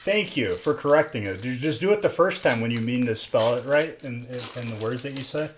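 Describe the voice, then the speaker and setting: A man's voice: medium pitch, animated, fairly quick, a little hiss or hum. Young man rambling casually on a live stream. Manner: rambling and teasing, talking to chat. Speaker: live stream host opening card packs. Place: alone in a room.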